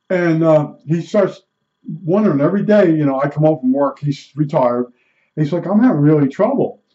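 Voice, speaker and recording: A man's voice: on the high side, mellow, lo-fi sound. A man in his seventies talking through his stories in a rambling, self-correcting way. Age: 70s. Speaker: retiree telling stories. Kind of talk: rambling personal monologue.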